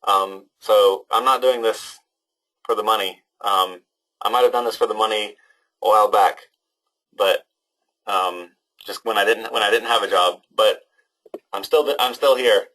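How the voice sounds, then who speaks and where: A man's voice: on the low side, measured pace, pauses often, bright, forceful tone, rough recording. A young man teaching an online class to students, talking casually and hesitantly with many ums and restarts. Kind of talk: casual webinar talk to students.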